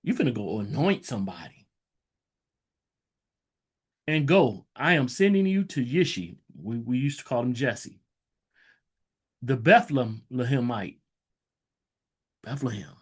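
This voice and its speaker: Animated man teaching from scripture. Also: medium pitch, husky. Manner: reads verses slowly, then breaks into loose conversational asides. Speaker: Bible teacher. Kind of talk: scripture reading with casual commentary.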